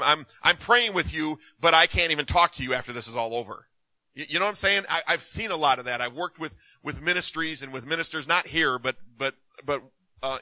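A man's voice: a little high, dry recording, poor audio. A man in his fifties preaching, telling personal stories with lots of repetition and restarts before answering questions. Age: 50s. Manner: animated storytelling with many restarts. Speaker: minister. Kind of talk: sermon with Q&A.

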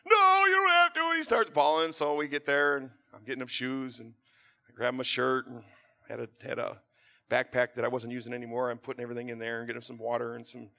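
A middle-aged man preaching a sermon, telling a story and then building to a fervent, near-shouted exhortation. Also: mid-range voice, level tone, quick pace.

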